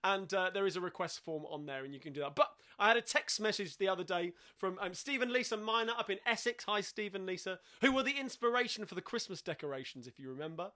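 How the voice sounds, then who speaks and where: Bright high-voiced Cockney man chatting. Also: lively intonation, fast, hardly any pauses. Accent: London Cockney. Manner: chatty, rambling with many fillers and restarts. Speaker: host of a live-streamed sing-along. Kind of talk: casual live-stream chat between songs.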